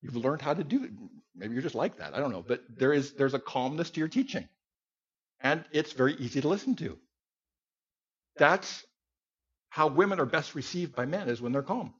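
A man teaches a Bible passage to a group in a conversational, folksy sermon style, full of asides and sudden loud outbursts. His medium-pitched voice is expressive and slightly rough, at normal speed with frequent pauses. The recording is dull and lo-fi.

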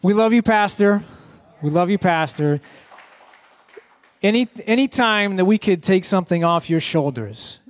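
Guest preacher, male, high-pitched, excitable, jokey, repeats himself. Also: measured pace, pauses often. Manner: excitable, joking, repeats phrases. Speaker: guest speaker at church. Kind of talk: lighthearted sermon. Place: church sanctuary.

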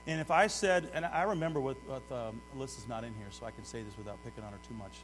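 A middle-aged man preaching a sermon, swinging between loud urgent exhortation and hushed asides while putting direct questions to the congregation. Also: medium pitch, quick pace. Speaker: pastor. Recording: long hall reverb with mains hum.

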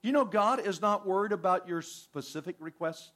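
A man preaching a sermon, reading scripture and acting out prayers in an animated, conversational way. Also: sits high, brisk. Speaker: pastor.

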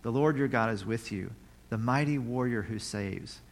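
A man preaching a sermon at a middle pitch, talking in an easy, conversational way. He reads scripture aloud and now and then breaks out in a loud, happy cry. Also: moderate pace. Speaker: pastor.

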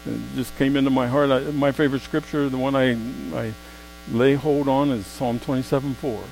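A man preaching a sermon in a mid-pitched voice. He drops to quiet, drawn-out asides, then climbs to loud, emphatic exclamations. A faint electrical hum sits under the recording. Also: steady tone, poor audio.

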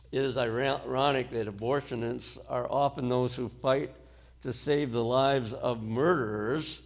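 A male preacher delivers a sermon at an unhurried, measured pace, letting each phrase land before moving on. His voice has a gravelly, creaky texture. He speaks at a middle pitch with deliberate weight. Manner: slow, deliberate delivery with pauses and short dry laughs.

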